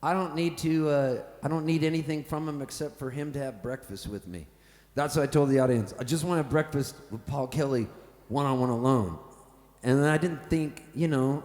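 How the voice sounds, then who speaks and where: A singer-songwriter from Canada telling a rambling, playful, cheerfully profane story to a live audience on a festival stage. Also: male voice, medium pitch. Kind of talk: comic stage storytelling between songs. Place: festival big top tent, live on stage. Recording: roomy reverberant live tent sound.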